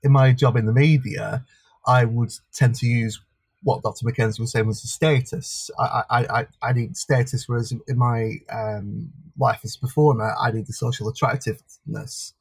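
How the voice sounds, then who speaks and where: A man's voice: mid-range voice, fairly even intonation, moderate pace, vocal fry, breathy edge, dry recording. A man with a Blackburn Lancashire accent, a media worker and stage performer, answering casually in an interview with frequent stammered restarts.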